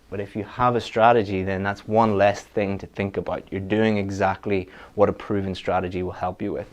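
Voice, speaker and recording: A man's voice: on the low side, level tone, brisk, hardly any pauses, dull audio. A man giving a direct, practical online exam-prep lesson, with frequent restarts. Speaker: IELTS teacher.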